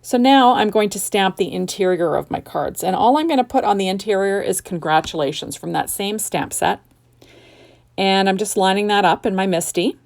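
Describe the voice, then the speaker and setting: A middle-aged woman chatting casually through a card-making tutorial in her home craft room, unhurried and full of fillers and restarts. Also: mid-range voice, expressive, creaky.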